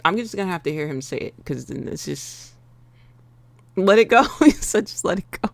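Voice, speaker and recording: Gravelly-voiced American woman streamer. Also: fairly low pitch, expressive, moderate pace, no room sound. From United States. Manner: playful, chatty, often laughing, talks straight to the chat. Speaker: live-stream trading host. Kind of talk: casual live-stream chat.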